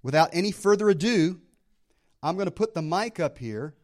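A man's voice: sits high, lively intonation, moderate pace. A man preaching a sermon as pastor to a church congregation, emphatic, dropping in amens and calls of praise.

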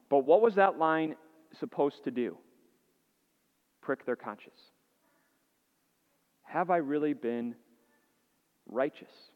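A man's voice: a little high, unhurried, pauses often. Earnest man preaching in an echoey hall. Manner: earnest, asks the listeners rhetorical questions; repeats words as he restarts phrases. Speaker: pastor. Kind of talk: sermon. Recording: dull, echoey hall sound.

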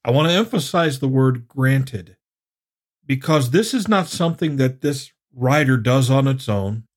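A man teaching through scripture in a sermon-style Bible study, his voice sitting at an ordinary middle pitch. He explains in a measured, deliberate way and reads passages aloud. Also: animated.

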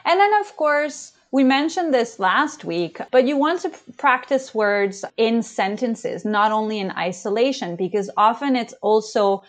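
A woman's voice: fairly high pitch, animated, a little slow, few pauses. A woman co-hosting an English-learning podcast, explaining grammar rules carefully with small hesitations. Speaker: English teacher co-host. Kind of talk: educational podcast chat.

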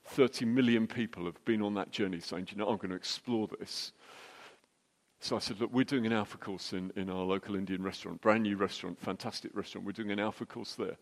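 A middle-aged man telling a jokey, anecdotal story as a church speaker, with quick restarts. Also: lowish voice, steady tone. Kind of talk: storytelling sermon. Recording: long hall reverb.

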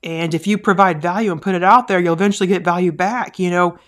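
A woman's voice: on the low side, fairly even intonation, fast talker. A woman hosting a podcast in a casual monologue, earnest and encouraging, rambling with many fillers and restarts. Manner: rambling, full of "like" and "you know". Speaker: podcast host.

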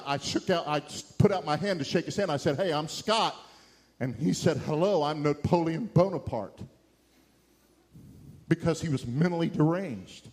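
A man's voice: a little high, darkish tone. A middle-aged man preaching an evangelistic sermon, impassioned and building to emphatic peaks.

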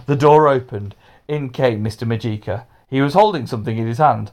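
Animated man reading a children's book. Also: medium pitch, fairly quick. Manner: expressive, animated. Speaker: narrator.

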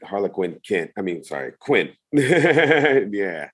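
A man's voice: lowish voice, very animated, slow pace, a bit bright, husky. A man, an actor, chatting casually and telling anecdotes, laughing often and acting out quotes. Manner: laughing storyteller, acts out quotes. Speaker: actor guest. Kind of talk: casual chat.

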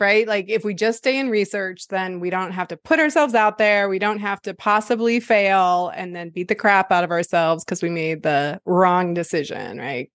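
A woman's voice: mid-range voice, no room sound. Upbeat woman podcast host, dry sound. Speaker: podcast host and business coach. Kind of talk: casual conversational coaching chat.

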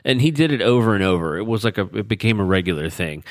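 A man hosting a podcast, telling stories in a rambling, relaxed way. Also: lowish voice, fast, dry recording, studio quality. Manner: rambling, relaxed storytelling with fillers. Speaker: podcast host. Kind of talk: casual chat.

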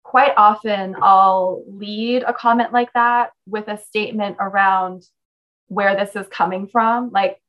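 A woman's voice: medium pitch, steady tone, a little slow, dull audio. A young adult woman coaching someone in a conversation, talking in an emphatic, direct and encouraging way.

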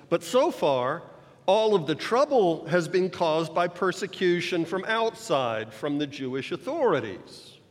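Slow-preaching man in a reverberant hall. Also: high voice. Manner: measured, explanatory preaching with rhetorical emphasis. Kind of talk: sermon. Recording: long reverb of a large hall.

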